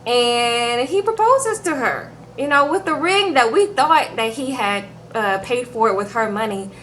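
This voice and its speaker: With a fairly high, bright voice and lively intonation, the reviewer keeps a measured pace while giving viewers a chatty reality TV recap. She's sassy and casual, calling them "girl" and "y'all," over slight background noise.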